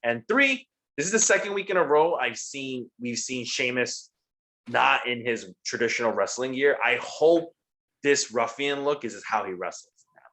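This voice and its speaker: A man's voice: medium pitch, animated, moderate pace, sharp tone. A man co-hosting a casual show, recapping wrestling in a profane, rambling way. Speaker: podcast co-host.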